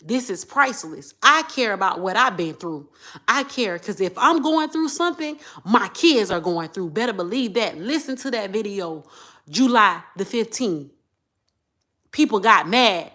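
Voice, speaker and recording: A woman, talking straight to her viewers in an emotional monologue. She repeats herself and swings from low muttering to loud outbursts. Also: lively intonation, measured pace. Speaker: vlogger.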